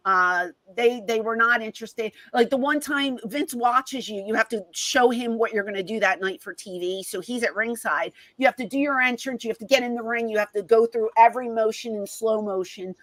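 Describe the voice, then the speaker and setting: Animated woman telling stories in an interview. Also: on the high side, a little fast, hardly any pauses, no echo, poor audio. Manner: animated, reenacts conversations with quoted voices. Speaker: guest, former wrestling personality. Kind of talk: casual storytelling in an interview.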